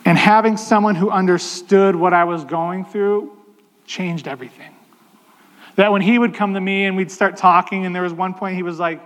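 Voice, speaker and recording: Man, pastor, sermon, high voice, conversational, slows for emphasis, reverberant hall. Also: fairly even intonation, a bit bright.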